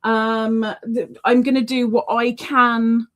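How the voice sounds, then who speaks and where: A woman hosting a relaxed livestream, talking slowly and unhurriedly. Her voice sits a little high, and she is chatty, leaning on repeated words for emphasis. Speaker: livestream host. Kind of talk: casual livestream chat.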